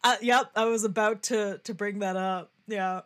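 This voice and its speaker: A woman's voice: mid-range voice, fairly even intonation, normal speed. A young woman chatting casually about a TV show. She laughs often, swears freely and acts out quotes. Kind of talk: casual chat.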